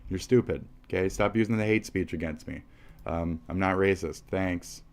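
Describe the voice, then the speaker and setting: A man's voice: low-pitched, normal speed. A man streaming live, delivering a profane, rambling, combative rant at his viewers. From United States.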